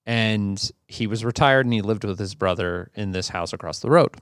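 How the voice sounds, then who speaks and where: Male podcast co-host, gravelly low voice, rambling storyteller. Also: normal speed, dry recording, studio quality. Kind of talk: casual chat, storytelling.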